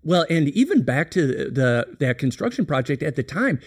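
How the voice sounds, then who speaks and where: A man's voice: a little high, big pitch swings, moderate pace, breathy edge. Earnest man telling a candid story. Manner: reflective, earnest storytelling with frequent restarts. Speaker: company president, podcast guest. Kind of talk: candid business podcast conversation.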